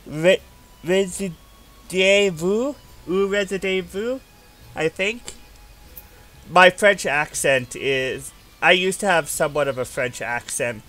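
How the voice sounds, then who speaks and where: Slow-talking, high-voiced male streamer. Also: a bit bright, clear, resonant tone. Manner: rambling, musing aloud while playing. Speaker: game streamer. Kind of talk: casual live-stream chat. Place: home.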